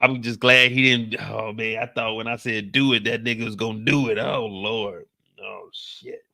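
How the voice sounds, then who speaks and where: A man's voice: lowish voice, moderate pace, gravelly, dry recording, studio quality. A man giving a comedic, slangy recap of a TV episode, acting out scenes as he goes. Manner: animated, slangy, acts out scenes. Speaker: show recap commentator. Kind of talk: comedic show recap storytelling.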